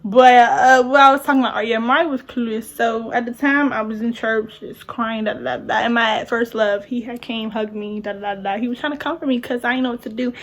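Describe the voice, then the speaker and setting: A young adult woman telling a story on her vlog in casual chat, animated and slangy, full of "like"s. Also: fairly high pitch, fairly quick, hardly any pauses. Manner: animated, talks with many "like"s and slang. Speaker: vlogger.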